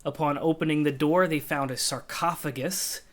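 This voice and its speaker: A man running a tabletop game as game master, narrating the scene in an easygoing way with frequent pauses. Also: on the high side, fairly even intonation, fairly bright tone.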